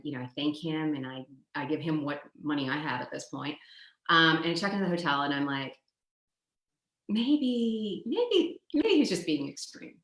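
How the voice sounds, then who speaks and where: A woman from the United States, a guest telling a personal story in a lively, chatty way, often saying "like" and "you know". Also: low-pitched, echoey room, low-quality recording. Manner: lively, acts out quoted dialogue, frequent "like" and "you know".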